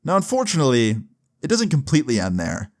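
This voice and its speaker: A man telling a personal story in a casual vlog, animated and profane, with sudden jumps in pitch. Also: quick pace. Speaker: storyteller vlogger.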